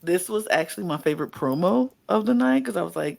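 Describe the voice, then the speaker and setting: A man's voice: high voice, animated, fast, gravelly. A man co-hosting a podcast, recapping wrestling in casual chat with rambling, playfully sarcastic storytelling. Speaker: podcast co-host.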